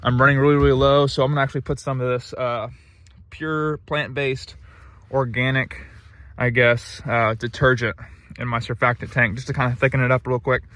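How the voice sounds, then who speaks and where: A pressure washing business owner vlogs his work day outdoors at a rural job site, laid-back and rambling with lots of ums, a bit out of breath. His mid-range voice is flat in delivery, fast and a bit bright. The recording is dry.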